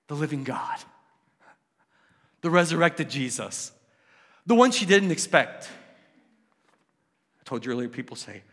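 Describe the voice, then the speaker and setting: A male pastor delivers a passionate sermon with a rather high voice. He swings from loud exclamations down to near-hushed questions. A long hall reverb trails behind every phrase.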